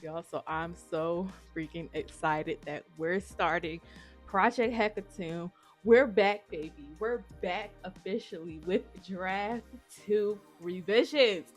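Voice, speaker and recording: A woman vlogging about her writing, chatting casually and excitedly to her viewers and often calling them y'all. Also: on the low side, takes it slowly, faint music behind. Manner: gushing, excitable, says y'all a lot. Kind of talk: casual chat to camera.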